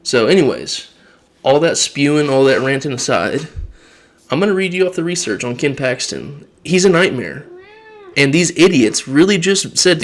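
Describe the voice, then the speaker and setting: A man hosting his own channel, giving an impassioned, exasperated political rant. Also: mid-range voice. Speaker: political commentary host. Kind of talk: ranting political vlog.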